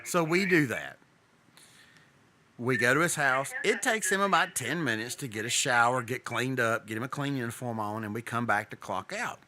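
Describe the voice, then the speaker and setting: A paramedic and podcast co-host who tells stories in a casual way, with a lot of laughing and swearing. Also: male voice, medium pitch, normal speed. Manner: animated, laughing, profane storyteller. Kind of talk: casual storytelling chat.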